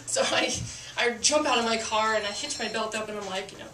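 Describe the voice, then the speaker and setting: A woman's voice: on the high side, a little fast, sharp tone, reverberant, recorded from a distance. A woman who is a police officer telling a story to a live audience, chatty and self-mocking with lots of fillers.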